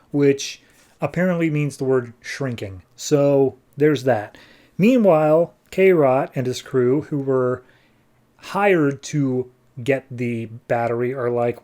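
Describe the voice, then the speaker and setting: A man's voice: medium pitch, warm tone. A man hosting a podcast, casually recapping a comic book in an offhand way with lots of fillers. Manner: offhand, filler-heavy retelling with quick put-on quotes. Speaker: podcast host.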